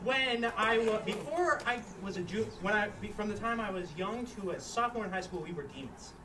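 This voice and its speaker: Deadpan young man with a lively voice. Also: sits high, a little fast. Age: young adult. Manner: deadpan, dry answers. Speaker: audience volunteer. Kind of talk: live improv interview. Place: small theater with live audience. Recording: distant stage audio, noisy crowd.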